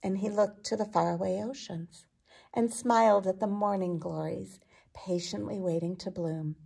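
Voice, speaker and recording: Woman storyteller, children's read-aloud, husky voice. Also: mid-range voice. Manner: expressive, unhurried storytelling. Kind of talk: picture book read-aloud.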